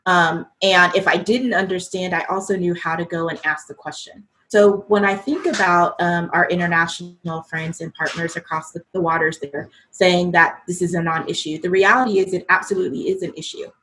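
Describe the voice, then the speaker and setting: A woman's voice: on the low side, steady tone, fairly quick, hardly any pauses, fairly bright tone, a little hiss or hum, rough recording. An American woman answering as an interview guest, telling a reflective story with lots of ums and restarts. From United States.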